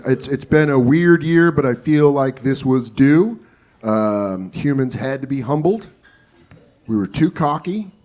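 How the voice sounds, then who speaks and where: A man doing a stand-up comedy set on a club stage, telling profane stories with loud, exaggerated bursts of character voices. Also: mid-range voice, animated, measured pace.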